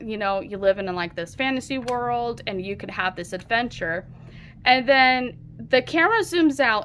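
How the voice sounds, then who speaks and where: A woman vlogging casually at home, rambling excitedly and filling her talk with "like". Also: fairly high pitch. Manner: rambling, excitable, heavy use of "like". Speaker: book vlogger. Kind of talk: casual vlog chat.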